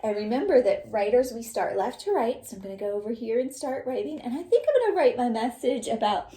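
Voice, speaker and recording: A woman teacher giving a lesson to young children, speaking slowly and clearly. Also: fairly high pitch, very animated, mellow, roomy sound. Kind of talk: classroom lesson.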